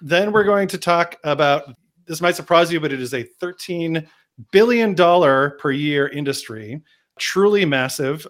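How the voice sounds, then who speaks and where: A man hosting a podcast, chatting casually in a jokey, rambling way with restarts. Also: on the high side. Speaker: podcast host.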